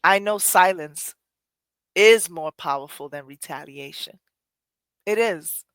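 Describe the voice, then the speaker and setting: A middle-aged woman hosts her own podcast in a candid, reflective way, earnest and quick to laugh at herself. Her voice sits on the low side. The recording is dry and close, with no room sound. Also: a bit bright, clear, resonant tone, dry recording. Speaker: podcast host. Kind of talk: reflective personal talk.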